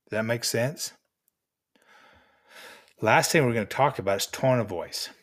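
An older man giving gentle, encouraging life lessons to mentees at an unhurried pace with pauses. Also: medium pitch. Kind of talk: motivational talk to mentees.

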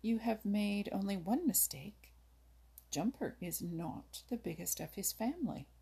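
A woman reading aloud voices Old Mother Nature, a wise, kindly but firm old woman who teaches the woodland animals patiently and can turn sharp. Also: medium pitch, lively intonation, a little slow, full character voice. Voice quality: husky, creaky. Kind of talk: storybook reading.

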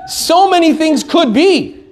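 A man giving an animated Torah lesson, joking, laughing often and telling stories with Hebrew terms mixed in. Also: very high voice, takes it slowly, a little hiss or hum. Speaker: Torah teacher.

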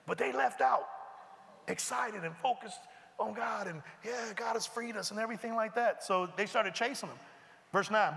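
Bright-voiced preacher in an echoing hall. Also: male voice, sits high. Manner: animated, conversational, breaks into asides and mimics characters. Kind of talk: sermon, reading and explaining scripture. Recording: long reverb of a large hall.

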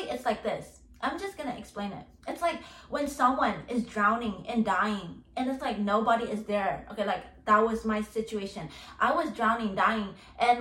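A young woman rants through a casual podcast monologue, stacking filler words and curses as she vents. Her voice sits high. The recording is roomy and echoey, with her a little off the mic. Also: a bit bright, distant mic. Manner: ranting, heavy filler words, swears a lot. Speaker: podcast host.

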